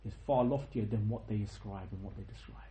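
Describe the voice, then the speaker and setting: A young man giving an informal religious lecture, telling a story with lively asides and checking questions to his listeners. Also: fairly low pitch, a little fast, reverberant, rough recording. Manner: animated storytelling, tag questions, quotes in Arabic. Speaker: teacher of a history lesson.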